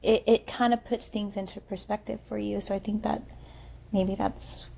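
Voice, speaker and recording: A young woman co-hosting a podcast, telling her story in an animated, emphatic casual chat. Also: medium pitch, normal speed, gravelly. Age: young adult. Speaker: podcast co-host.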